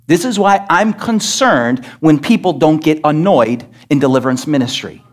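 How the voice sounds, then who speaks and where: Emphatic preaching man, slightly high voice. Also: moderate pace. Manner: emphatic, scolding, rhetorical questions. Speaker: pastor. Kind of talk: sermon. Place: church sanctuary.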